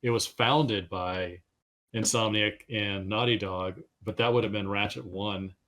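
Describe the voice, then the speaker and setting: Man, interview guest, low voice, relaxed matter-of-fact answers. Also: unhurried. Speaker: game designer guest. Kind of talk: casual interview chat.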